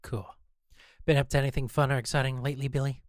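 A performer playing a bossy, condescending young male radio host in a comedic audio sketch, talking deadpan and teasing his sidekick. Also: mid-range voice, quick pace, no echo, studio quality, close to an everyday voice.

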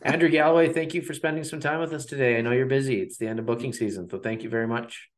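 A man co-hosting a podcast, thanking a guest in a brisk, friendly way. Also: medium pitch. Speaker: podcast co-host. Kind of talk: casual interview chat.

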